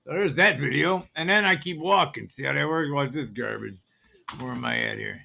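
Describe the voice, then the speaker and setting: A man's voice: mid-range voice, moderate pace, gravelly, pushed and bright, slight background noise. A man vlogging in a grocery store, ranting in a conspiratorial way and asking "see how that works" over and over. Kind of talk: ranting shopping vlog.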